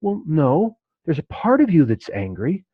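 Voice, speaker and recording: A man's voice: a little high, wildly swooping pitch, unhurried, breathy edge, no echo. Man teaching a class, dry close sound, dull lo-fi recording. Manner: acts out quoted inner voices. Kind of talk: leading a class discussion.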